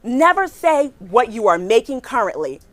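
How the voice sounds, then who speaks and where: A middle-aged woman giving a lively workshop talk on careers to a live audience in a hall, emphatic and repeating her points, often checking in with "right?" and "okay?". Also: on the high side, moderate pace. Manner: acts out quotes with a bright smile in her voice.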